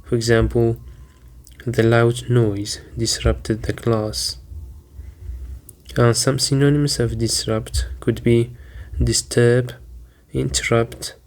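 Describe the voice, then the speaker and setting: A man teaching vocabulary, deliberately repeating each word and spelling out its syllables and stress. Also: medium pitch, flat delivery. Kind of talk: slow, careful vocabulary lesson.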